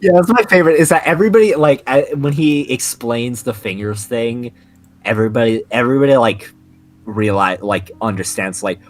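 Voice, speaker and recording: A man's voice: mid-range voice, fairly quick. A young man co-hosting a casual podcast, rambling with many restarts and fillers. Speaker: podcast co-host. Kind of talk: casual anime podcast chat.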